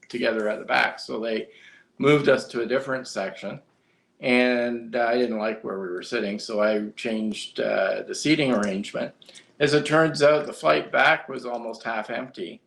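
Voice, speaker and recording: A man's voice: mid-range voice, creaky, fairly bright tone. A man co-hosting a casual live-stream chat, telling long rambling stories with fillers and restarts. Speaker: co-host.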